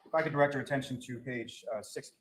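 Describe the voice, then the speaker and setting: A man's voice: medium pitch, fairly even intonation, fast talker, a bit bright, a little hiss or hum, low-quality recording. A man in court questioning a witness in a formal manner, calling him sir and dropping in filler uh's. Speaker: trial attorney.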